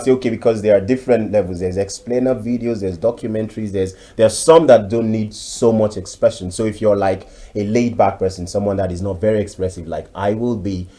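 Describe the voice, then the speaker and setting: Nigerian man with a low voice. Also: a little fast, few pauses. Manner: expressive, chatty, with frequent fillers. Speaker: voiceover artist, guest. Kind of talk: TV interview talk.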